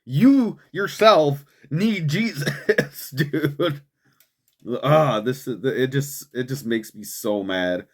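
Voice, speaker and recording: A man's voice: mid-range voice, extremely slow. A man hosting an online commentary show, talking in an agitated, profane rant full of stumbling restarts. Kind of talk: heated political commentary.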